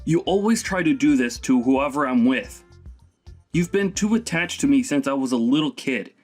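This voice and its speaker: A man voicing a young husband who sternly reproaches his mother in an animated story drama. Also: medium pitch, moderate pace, soft background music, lightly acted. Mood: reproachful.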